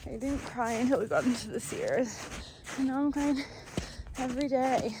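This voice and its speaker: A woman's voice: sits high, steady tone, normal speed. A woman hiker vlogging candidly outdoors on a mountain trail, venting her frustration in a plain, honest way. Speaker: long-distance hiker vlogging. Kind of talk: candid vlog to camera. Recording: outdoor noise behind the voice.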